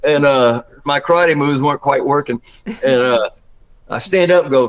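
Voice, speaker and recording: An older man from Georgia with a Southern accent, telling stories as a guest, acting out quotes with big jumps in pitch and laughing often. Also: normal speed, rough recording. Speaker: guest actor. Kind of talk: casual storytelling interview.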